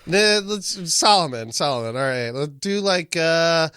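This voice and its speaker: A man's voice: fairly high pitch, lively intonation, measured pace, bright, forceful tone. A man co-hosting a podcast in casual, joking chat. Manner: joking, playful. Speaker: podcast co-host.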